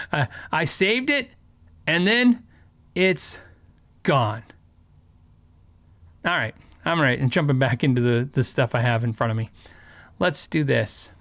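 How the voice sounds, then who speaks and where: This middle-aged Arizona livestream host has a mid-range, expressive, fairly bright voice, captured dry, and he talks slowly with long pauses. He rambles casually through stories, with frequent fillers, restarts, and laughter.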